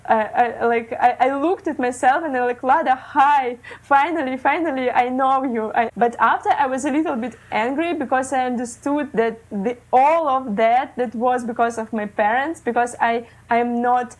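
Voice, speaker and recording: A woman in her thirties from Russia, speaking English as a second language, telling her story in an interview with many fillers and pauses. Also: a little high, low-quality recording. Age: 30s. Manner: hesitant, many fillers, non-native phrasing. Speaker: guest, illustrator. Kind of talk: casual interview talk. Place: living in Germany.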